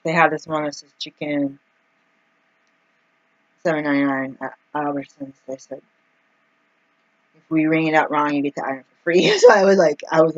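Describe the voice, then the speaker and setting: A woman's voice: deep voice, no echo, lo-fi sound. Chatty woman vlogger, dry close sound. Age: adult, mother of two young kids. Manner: chatty, many fillers, acts out quoted people. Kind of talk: casual storytelling vlog.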